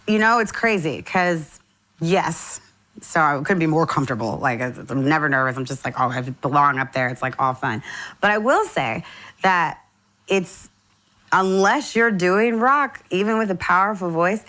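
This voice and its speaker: Low-voiced singer, animated and candid. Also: female voice. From St. Louis, USA. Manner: enthusiastic, animated storytelling with laughs. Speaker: singer, guest. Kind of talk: casual interview chat.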